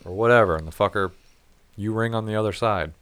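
A man's voice: fairly low pitch, fast talker, a bit bright, smooth, no room sound. Profane, rambling storytelling man. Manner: profane, rambling, acts out quoted voices. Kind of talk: casual storytelling chat.

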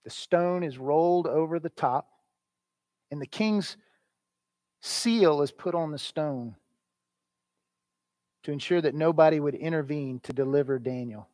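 A man's voice: fairly high pitch, a little slow, long pauses, no echo. Man preaching an earnest sermon. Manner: earnest preaching, wide swings between loud emphasis and hushed lines. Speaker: pastor.

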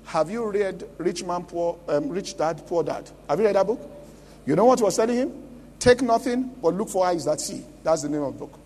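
Nigerian man, pastor, high voice, emphatic sermon, long hall reverb. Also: fairly quick, a little mellow, a little hiss or hum. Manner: emphatic, calls out questions to the congregation. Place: large church conference hall.

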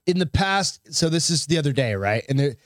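A man co-hosting a casual drinking podcast, cursing often and reading articles aloud with heavy sarcasm. His voice sits a little higher than most men's. The sound is dry and close, with no room echo. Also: animated, brisk. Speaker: podcast co-host. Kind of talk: casual bar-style podcast chat.

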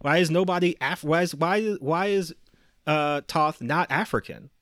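Animated man in casual podcast chat. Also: normal speed, no room sound, studio quality. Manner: animated, laughing, rising pitch when worked up. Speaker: podcast host.

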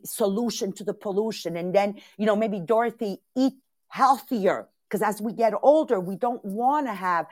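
A middle-aged woman from Italy hosting a live motivational podcast. She tells animated stories and calls on her listeners by name. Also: on the high side, dry recording, clean studio sound. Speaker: podcast host and sales team leader.

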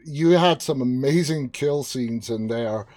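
A man's voice: mid-range voice, a little slow, a little mellow. A man conducting a casual interview, praising the film and asking long, winding questions.

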